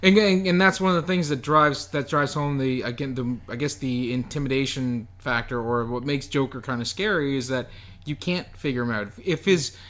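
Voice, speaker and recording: A man's voice: mid-range voice, normal speed, fairly bright tone. A man co-hosting a podcast, discussing a movie casually and often restarting his sentences. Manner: hesitant, repeats words. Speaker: podcast co-host.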